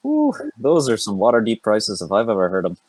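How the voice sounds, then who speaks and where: A man's voice: fairly low pitch, darkish tone, husky, dry recording, full character voice, low-quality recording. A man voicing a sly, cheerful adventurer haggling with a shopkeeper in a raised, jaunty voice.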